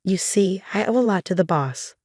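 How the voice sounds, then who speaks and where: A woman's voice: medium pitch, expressive, normal speed, darkish tone, no room sound, clean studio sound, natural voice. A woman voicing a stern, loyal young male employee, earnest and serious, in a storybook narration.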